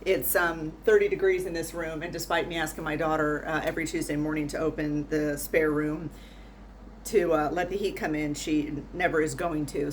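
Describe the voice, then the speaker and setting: Middle-aged woman, nurse storyteller, casual and exasperated, slightly low pitch. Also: a little hiss or hum. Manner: chatty, laughing, wry and exasperated. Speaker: nurse doing patient intake. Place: small room at home with heater humming.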